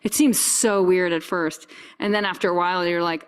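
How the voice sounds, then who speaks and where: A woman's voice: fairly low pitch, fairly even intonation, moderate pace, clear, resonant tone. Emphatic woman chatting candidly. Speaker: podcast guest. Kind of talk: candid casual conversation.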